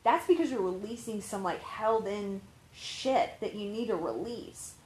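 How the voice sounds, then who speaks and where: A woman's voice: medium pitch, unhurried, a little mellow, roomy sound, slight background noise, poor audio. A woman life coach giving casual, candid advice, rambling and swearing freely with lots of fillers. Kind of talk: casual talking-to-camera advice.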